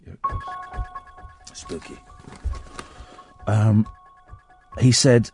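A man's voice: mid-range voice, very animated, a little fast, slightly rough, faint music behind. A man hosting a late-night radio show, reading a tabloid story aloud with wry, mock-dramatic asides into a studio microphone.

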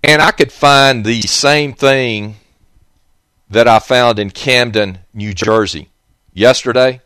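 A man's voice: medium pitch, slow, sharp tone, clean tone, dry recording, clean studio sound. A man hosting a radio talk show, rambling in a folksy way and chuckling to himself between thoughts.

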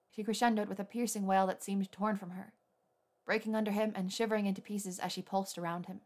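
A woman reader narrating a romance story in a steady, intimate way. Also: medium pitch, fast. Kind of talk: scripted fan fiction narration.

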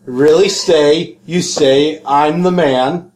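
A man's voice: a little high, takes it slowly, a little mellow. A man in playful casual chat, reading texts aloud and laughing often.

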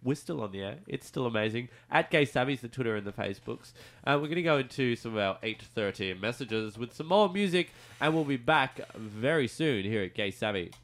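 A man hosting a radio show in a studio, chatting casually with animated, stammering restarts and sudden leaps into a high voice. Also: brisk, hardly any pauses.

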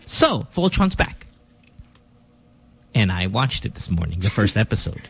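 A man in his forties hosting a morning radio show, telling stories in an animated, emotional way. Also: lowish voice, measured pace, vocal fry, slight background noise. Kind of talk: casual radio chat.

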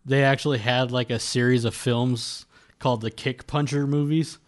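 Laid-back guy in a podcast chat, middle pitch, lots of uh and like. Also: normal speed. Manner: relaxed, hesitant, many fillers. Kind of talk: casual chat.

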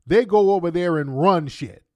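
Brief: male podcast host, mocking, crude, fairly high voice, dry close mic. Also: moderate pace, dry recording. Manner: mocking, heated, crude slang. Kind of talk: commentary on played clips.

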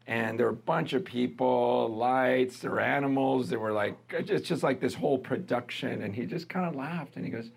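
Husky-voiced conversational male pastor. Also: mid-range voice, normal speed, hardly any pauses. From American. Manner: conversational, lively, laughs with the congregation. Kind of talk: sermon.

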